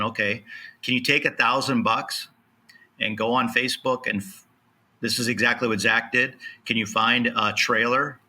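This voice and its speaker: A man with a very bright, forward tone speaks as a podcast guest. He talks emphatically and motivationally, acting out snatches of dialogue to make his points. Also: fairly low pitch. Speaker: land specialist guest. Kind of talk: podcast interview.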